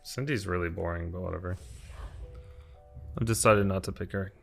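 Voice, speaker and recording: A man's voice: deep voice, fairly even intonation, moderate pace, gravelly, a bit bright. A man streaming a card game, thinking aloud and answering chat questions in an explaining tone. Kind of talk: live-stream gameplay commentary. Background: faint lo-fi music.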